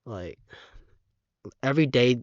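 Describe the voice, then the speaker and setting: A teenage boy talking haltingly in a casual vlog, close to tears, with many fillers and restarts, on a dull, muffled microphone. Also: medium pitch, animated, no room sound. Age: teens. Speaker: vlogger.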